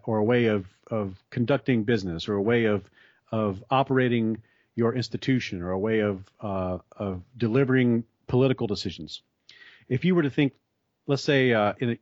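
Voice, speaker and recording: A man with a lowish voice talks through an idea carefully, often restarting his sentences as he thinks. The recording is dry and a bit muffled. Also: darkish tone, no room sound. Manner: thoughtful, explaining with frequent restarts. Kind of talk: explanatory conversation. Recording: dry, slightly dull sound.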